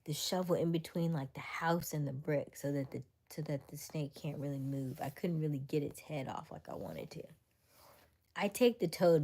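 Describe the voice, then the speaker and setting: A woman from Florida hosting a livestream, telling a story in a chatty, animated way, jumping into high squeals when she quotes people. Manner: chatty with frequent fillers and restarts. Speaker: livestream host.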